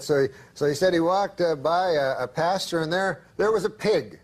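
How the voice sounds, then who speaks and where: A male comedian telling a long, rambling story in a deadpan way, halting, with many fillers. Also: fairly high pitch.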